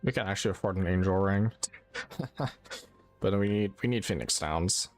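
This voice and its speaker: A man's voice: low voice, normal speed, a little mellow, soft background music. A man streaming a game, chatting casually and rambling, often correcting his own words. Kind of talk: casual gameplay chat.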